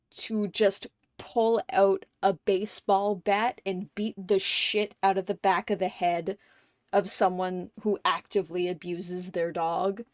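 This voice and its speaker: Woman streamer, candid and emotional, plenty of swearing, relaxed slow delivery. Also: medium pitch, no echo, clean studio sound. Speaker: livestream gamer. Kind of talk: casual chat while streaming a game.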